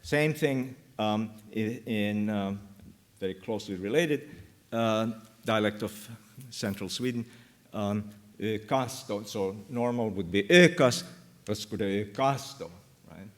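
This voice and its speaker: Slow hesitant man giving a lecture. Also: lowish voice. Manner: slow, many ums and uhs, pauses mid-phrase. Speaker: linguistics lecturer. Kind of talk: academic conference talk. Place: lecture hall.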